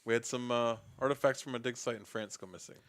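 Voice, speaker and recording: A man voicing a calm, evasive French intelligence officer in a tabletop role-play, in his own voice. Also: medium pitch, quick pace, close to an everyday voice. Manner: calm, evasive, matter-of-fact.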